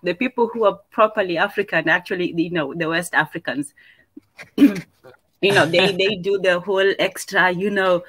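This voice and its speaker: A woman from Kenya joining a casual discussion, playful and quick to laugh. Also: lowish voice, fairly even intonation, fairly bright tone, breathy edge, poor audio.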